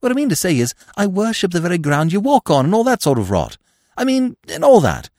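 Guy doing a dopey lovestruck posh young fella, high and bouncy, all pip-pip chatter. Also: huge pitch swings, brisk, a little mellow, dry recording, clean studio sound, heavily acted. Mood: chirpy, eager. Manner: bumbling, chirpy upper-class chatter. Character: silly, lovestruck young aristocratic man.

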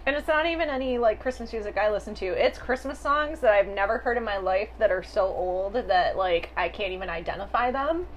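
A woman's voice: medium pitch, lively intonation, brisk, hardly any pauses, slight background noise. A woman hosting a podcast, chatting casually, laughing often and swearing offhandedly. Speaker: podcast host.

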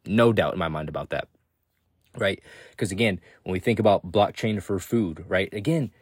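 A man's voice: sits low, moderate pace, breathy edge, dry recording, studio quality. A young man hosting a solo podcast, talking loosely and rambling, swearing often and checking in with "right?" after every point. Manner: loose, profane, repeats "again" and "right?". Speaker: podcast host. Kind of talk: casual solo podcast talk.

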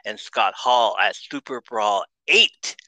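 A man tells a rambling, excitable story as a podcast guest, swearing freely and restarting his sentences. His voice is very bright and sharp. The recording is close and dry. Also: lowish voice, slow pace, dry recording, rough recording. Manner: excitable, profane, with frequent restarts. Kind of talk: casual storytelling.

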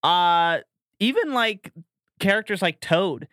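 Young male co-host, bright edge, excitable banter. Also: sits high, slow pace, no room sound, studio quality. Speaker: podcast co-host. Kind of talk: casual movie-review chat.

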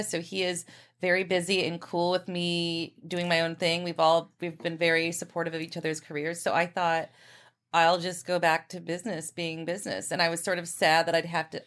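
A woman with a somewhat low voice chats effusively as a podcast guest. Her speech is filled with fillers and asides. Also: fairly bright tone. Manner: chatty and effusive, many fillers. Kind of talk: casual chat.

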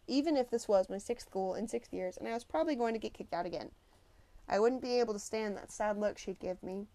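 A woman reading a novel aloud in the first person with a middle pitch. Her delivery is expressive and conversational, as if she were telling the story herself. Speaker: audiobook narrator. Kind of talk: scripted first-person narration.

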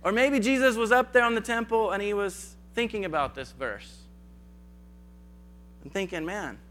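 A preacher with a high, fairly bright voice delivers a conversational sermon at a moderate pace. In casual asides, he acts out biblical dialogue.

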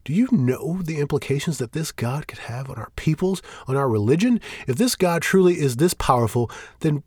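A man's voice: lowish voice, a little fast, slightly rough, no echo, clean studio sound. A man voicing a defensive, evasive male priest who deflects and snaps back. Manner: guarded, evasive, then shouting.

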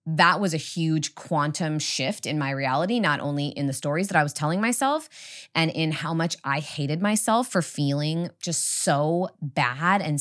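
Low-voiced woman telling her story earnestly. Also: fairly bright tone. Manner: earnest, reflective, meandering phrasing. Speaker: guest, witch school headmistress. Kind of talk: personal storytelling in a podcast chat.

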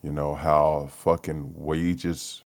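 Podcast host, male, extremely low voice, low-energy profane solo rambler. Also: level tone, drawn-out words. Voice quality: profane, rambling, laughs often. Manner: low-energy, mumbling, trailing off. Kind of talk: solo casual rant.

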